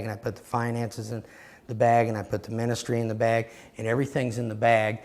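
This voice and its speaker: Male seminar teacher, gravelly mid-pitched voice, earnest storytelling sermon delivery. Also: a little mellow. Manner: earnest storytelling, acting out little scenes. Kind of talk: teaching sermon with personal illustrations.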